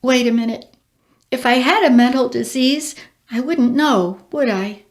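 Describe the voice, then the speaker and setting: A woman voicing an overwrought, frightened young woman who talks in a shaky, high voice. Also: measured pace. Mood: confused.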